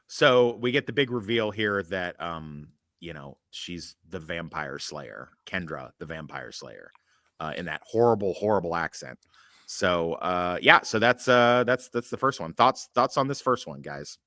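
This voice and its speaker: Animated, profane male podcast host. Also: low-pitched, a little slow, no echo, clean studio sound. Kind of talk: casual podcast chat.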